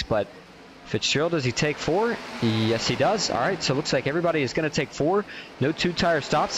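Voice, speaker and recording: Man, race commentator, play-by-play, excited bursts, slightly high voice, noticeable background noise. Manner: excited, quick bursts when action happens. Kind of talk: sim racing play-by-play commentary.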